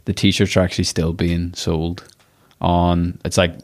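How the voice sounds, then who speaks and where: A man's voice: deep voice, monotone, a little slow, darkish tone. A man hosting a podcast, chatting casually and telling stories with a constant stream of "like". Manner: chatty storyteller, says "like" constantly. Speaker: podcast host. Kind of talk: casual interview chat.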